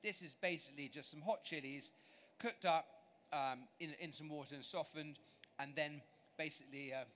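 Man, from England, live cooking demo, chatty, self-deprecating, slightly high voice, faint hall noise. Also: fairly even intonation, normal speed, a bit bright. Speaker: chef demonstrating cooking. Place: large exhibition stage.

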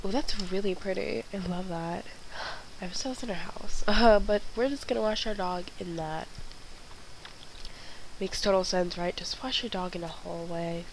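A woman's voice: on the low side, normal speed, a little hiss or hum, poor audio. A young woman in casual let's-play commentary, chatty and rambling, often apologizing and exasperated, talking from her bedroom into a headset mic. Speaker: gaming channel host. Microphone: wireless headset.

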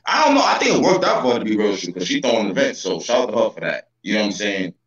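Man, talk show guest, insistent, teasing, lively pitch, distant mic, echoey room. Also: racing. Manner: insistent, teasing, repeats himself. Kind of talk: heated casual chat. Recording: roomy, distant, dull sound.

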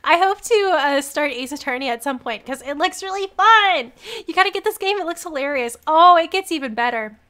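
High, bright-voiced excitable woman streamer. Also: brisk. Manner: excitable, giggly, reacts out loud. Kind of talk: live game stream commentary.

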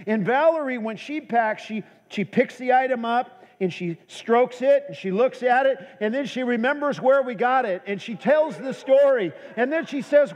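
High-voiced pastor preaching in an echoey hall. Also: male voice, normal speed. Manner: humorous storytelling, earnest. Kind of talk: sermon. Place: church.

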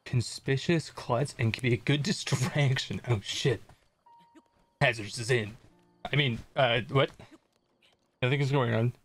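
A man's voice: medium pitch, unhurried, pauses often, faint music behind. A young man casually commenting on his gameplay as a streamer, chatting and joking with viewers. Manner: chatty, jokey, reads chat aloud.

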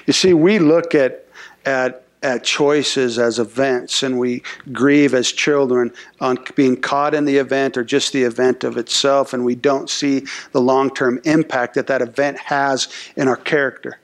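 A man's voice: medium pitch, steady tone, measured pace. A male pastor giving a conversational sermon who acts out short voices and often repeats words as he talks.

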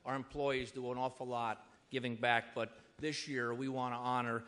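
A middle-aged man, a company executive, presenting an award in measured, slightly halting remarks. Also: medium pitch, level tone, fairly bright tone.

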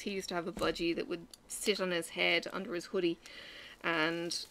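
Her voice sits lowish with little pitch movement, fairly bright and clear with a resonant quality, at a normal pace. She's an Irish crafting vlogger who sews while spinning rambling, chatty tales full of fillers.

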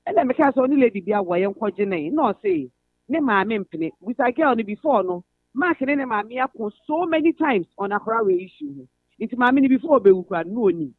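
A Ghanaian woman phoning in to a radio show, telling a long family story in an earnest, steady way. Her voice comes through a narrow, tinny telephone line. The sound is dry, with no room around it. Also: fairly high pitch, fairly quick, dry recording. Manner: earnest, recounting family troubles at length. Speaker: radio caller. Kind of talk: phone-in personal story, code-switching.

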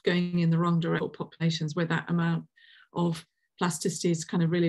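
A woman's voice: fairly low pitch, completely flat delivery, fast talker, darkish tone. Hesitant woman chairing a seminar. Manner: hesitant, many ums and restarts. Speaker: session chair and host.

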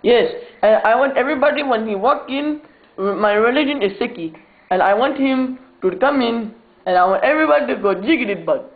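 A man's voice: very high voice, lively intonation, brisk. A man putting on a fussy immigrant father's voice, prank-calling with insistent, pleading broken English over the phone. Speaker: prank caller. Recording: tinny phone line with faint hiss.

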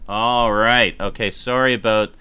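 A man's voice: on the low side, fairly even intonation, a little slow, background noise. A man streaming a horror game, chatting casually and jokingly with friends on a call, swearing now and then. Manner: jokey, loose, swears casually. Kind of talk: casual live-stream chat.

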